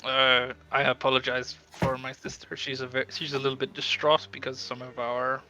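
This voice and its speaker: A man voicing a young adventurer who pleads earnestly and a little haltingly for help to rescue his captured siblings. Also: mid-range voice, completely flat delivery, sharp tone, soft background music. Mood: urgent, persuasive. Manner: earnest, persuasive, slightly halting.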